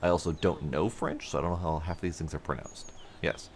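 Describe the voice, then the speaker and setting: A man's voice: rumbling low, steady tone, quick pace, slight background noise. A man giving wry, casual commentary as he plays a game, muttering to himself and talking to the game. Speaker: game streamer. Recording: faint game music behind.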